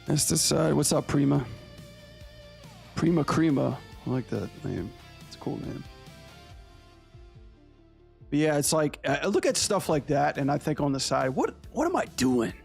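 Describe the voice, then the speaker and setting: A man who animates and streams, chatting casually with his viewers in a relaxed, slangy way over faint guitar music. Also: on the high side, a little slow, creaky, long pauses. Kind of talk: casual livestream chat.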